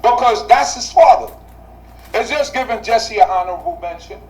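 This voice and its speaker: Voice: mid-range voice, animated, normal speed, distant mic, rough recording. A Bible study teacher speaking to a class, asking rhetorical questions and repeating key phrases for emphasis.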